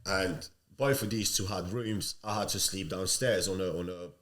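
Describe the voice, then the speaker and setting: A man with a very low voice tells his story as a podcast guest. He talks casually and bluntly, with plenty of swearing. He sounds like a man in his thirties. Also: normal speed, fairly bright tone. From Sicily.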